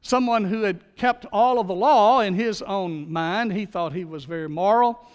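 High-voiced preacher in a hall. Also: male voice, moderate pace, clear, resonant tone. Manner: folksy storytelling preacher. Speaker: pastor. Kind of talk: sermon.

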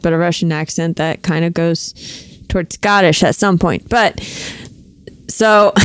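A woman explains her tabletop game character in a casual podcast chat, with plenty of fillers. Her voice is smooth and clear. The recording is dry and close. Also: mid-range voice, no echo.

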